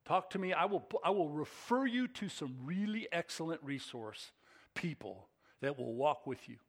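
Middle-aged male pastor, slightly high voice, preaching with hushed lows and emphatic bursts. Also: breathy edge. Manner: swings between hushed and emphatic, rising to excited peaks. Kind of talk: sermon.

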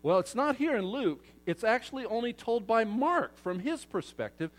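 A man preaching a sermon to his congregation in a lively way, acting out crowd voices and moving from loud outbursts to hushed asides. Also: very high voice, moderate pace. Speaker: pastor.

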